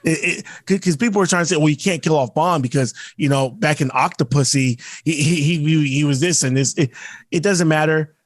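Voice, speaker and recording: A man's voice: on the high side, a little fast, dry recording, studio quality. A man co-hosting a podcast, talking in a rambling, emphatic way with some swearing. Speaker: podcast co-host. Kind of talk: casual chat.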